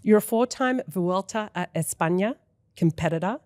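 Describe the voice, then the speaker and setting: A woman's voice: mid-range voice, normal speed, a little mellow, no echo. A woman in her thirties hosting a podcast in a studio, talking in an effusive, emotional way with casual swearing. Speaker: podcast host. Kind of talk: casual interview chat.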